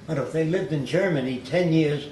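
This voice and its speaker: Here an older man speaks with a fairly high, darkish voice at a moderate pace. He shares life stories in a plain-spoken, conversational manner, occasionally mimicking others' accents in quoted lines. Faint hiss sits behind the roomy-sounding recording.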